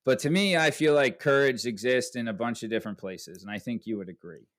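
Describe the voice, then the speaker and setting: A man's voice: mid-range voice, a little fast. A man hosting a podcast, telling a story casually and profanely, tagging lines with "right?". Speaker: podcast host.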